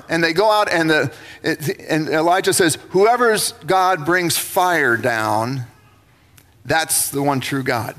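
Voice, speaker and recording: A pastor delivers a sermon with lively, theatrical storytelling, acting out each figure. His voice sits a little high. Long reverb from the church sanctuary trails each phrase. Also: unhurried.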